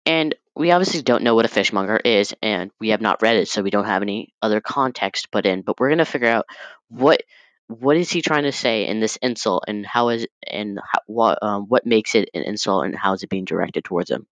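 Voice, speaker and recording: A young man giving a casual class presentation, loose and halting with many fillers and restarts. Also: lowish voice, fairly bright tone, dry recording, lo-fi sound. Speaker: student presenter.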